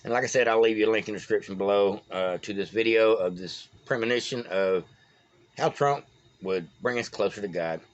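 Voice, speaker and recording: Man, Texan accent, low-pitched, rambling folksy commentary, dull phone recording. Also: a little fast. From Texas. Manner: rambling, folksy, stumbles over names. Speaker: political vlogger. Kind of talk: casual solo commentary.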